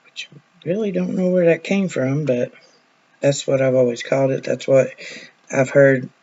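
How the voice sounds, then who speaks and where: A woman's voice: extremely low pitch, fairly even intonation, moderate pace, dark tone, lo-fi sound. A woman, a nurse chatting casually in a vlog, telling stories in a folksy way that trails off now and then.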